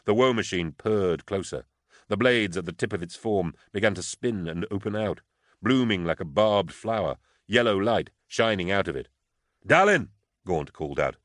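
Low-voiced guy reading an audiobook, steady, dry close mic. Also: normal speed, dry recording. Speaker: audiobook narrator. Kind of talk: scripted audiobook narration.

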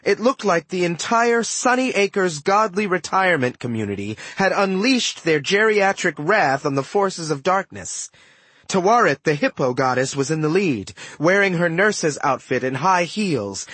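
A man giving expressive first-person audiobook narration in a close studio recording. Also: high voice, normal speed, breathy edge, no room sound. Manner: animated, expressive storytelling.

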